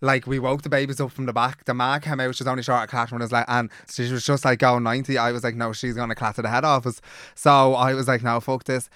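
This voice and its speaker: A man's voice: medium pitch, level tone, quick pace, fairly bright tone, clean tone, no room sound, clean studio sound. A young man with a Dublin accent, co-hosting a podcast and telling a story in casual chat, swearing a lot and acting out the people he quotes. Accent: Irish, Dublin. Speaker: podcast co-host.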